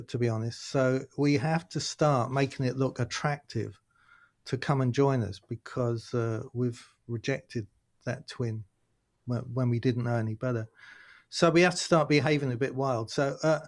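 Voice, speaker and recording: A man, a guest chatting on a video call, telling lively stories and acting out other people's voices. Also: medium pitch, normal speed. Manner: animated storytelling, acts out voices of others. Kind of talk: casual interview chat.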